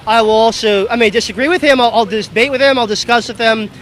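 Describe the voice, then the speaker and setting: A man with a very high voice speaks on camera at an outdoor rally. He rambles and loses his thread, then circles back with a casual, self-aware manner. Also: fast talker, fairly bright tone, slight background noise, rough recording. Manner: rambling, easily distracted, laughs at himself. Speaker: rally attendee. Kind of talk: on-camera street interview.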